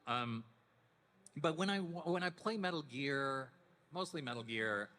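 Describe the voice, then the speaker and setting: A man in his fifties, a voice actor guest at a panel, telling stories casually in a deepened, relaxed voice with frequent restarts. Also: a little slow. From Canada. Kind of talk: casual anecdotal panel talk. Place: convention panel hall. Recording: echoey convention hall.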